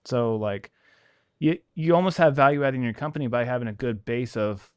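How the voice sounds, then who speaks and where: A man talks candidly in a casual podcast conversation about running his business, and he acts out the people he quotes. His voice is smooth and resonant, and the dry close mic adds no room sound. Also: mid-range voice, a little fast, no echo. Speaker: podcast host, pressure washing business owner.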